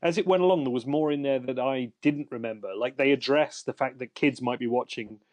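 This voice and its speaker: A man's voice: medium pitch, fairly quick, darkish tone. A man hosting a podcast, chatting casually and rambling with fillers and restarts. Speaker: podcast host. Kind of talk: casual chat.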